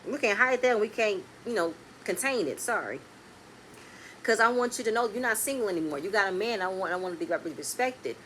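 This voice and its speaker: A woman recapping a reality TV episode in a casual, blunt, animated way, with speech. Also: medium pitch, brisk, slight background noise. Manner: animated, blunt and swearing, swings between loud and quiet.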